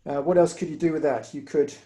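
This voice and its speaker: A man's voice: a little high, steady tone, dark tone. Patient man teaching an online workshop. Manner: patient, explains step by step with pauses. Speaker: hurdy-gurdy teacher. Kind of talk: online music workshop instruction. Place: home room, online workshop.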